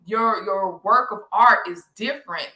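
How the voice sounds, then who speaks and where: An enthusiastic woman host, asking questions in an emphatic, chatty way. Her voice is bright and sharp, and it rings in an echoey room. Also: medium pitch, measured pace. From South Dallas, Texas, US. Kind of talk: interview chat.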